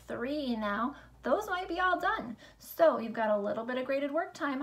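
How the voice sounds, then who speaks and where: A woman teaching a remote lesson to young children, upbeat and sing-song, speaking slowly and clearly. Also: high-pitched, fairly bright tone. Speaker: elementary school teacher.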